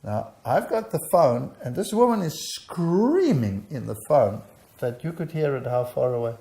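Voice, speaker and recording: An older man with a mid-range voice and a touch of vocal fry speaks at a measured pace in an interview. He tells a personal testimony with lively energy and acts out the dialogue. The room gives the recording a noticeable echo.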